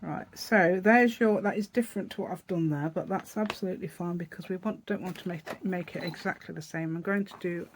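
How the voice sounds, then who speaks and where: Fairly low in pitch, a little fast and with hardly any pauses, this woman's voice comes with a little hiss or hum. She's an East Midlands English craft channel host giving a casual tutorial, chatty and rambling as she thinks aloud through a paper craft project step by step.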